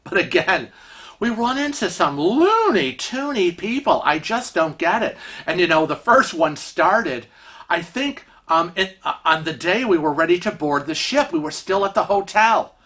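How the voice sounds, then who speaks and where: A man vlogger telling rambling, animated stories in a casual way, with many fillers. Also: sits high, a little slow. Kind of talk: casual storytelling.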